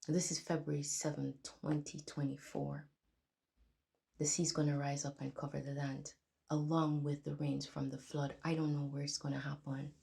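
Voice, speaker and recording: Low gravelly woman telling her dreams. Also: little pitch movement, moderate pace, mellow. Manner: earnest, dramatic storytelling. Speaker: Christian video blogger sharing dreams. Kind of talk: personal testimony to camera.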